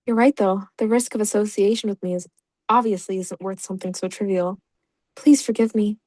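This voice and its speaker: A woman's voice: mid-range voice, steady tone, fairly quick, mellow, dry recording, natural voice. A woman voicing a gloomy, apologetic young man who runs himself down. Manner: apologetic, self-deprecating.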